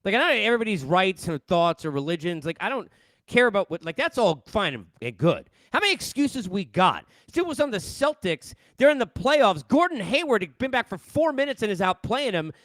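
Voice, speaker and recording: Animated New man ranting, high voice. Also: a little fast, no echo. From New York. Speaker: podcast host. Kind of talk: solo sports rant. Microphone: headset.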